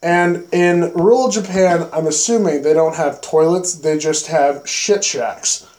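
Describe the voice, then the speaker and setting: Young man, podcast co-host, profane and animated, echoey room. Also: fairly high pitch, a little slow. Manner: animated, profane storytelling with acted-out exclamations. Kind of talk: casual chat.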